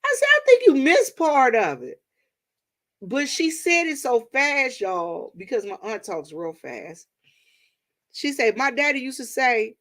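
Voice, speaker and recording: Woman livestream host, casual and talkative, storyteller with a mid-range voice. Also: medium pitch. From Washington, D.C. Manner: chatty, storytelling, addresses viewers as y'all. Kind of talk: casual chat with viewers.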